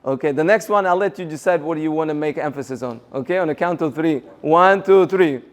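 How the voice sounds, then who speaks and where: A man giving a motivational seminar talk, energetic and rallying the audience with questions. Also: fairly high pitch, fast. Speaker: seminar speaker.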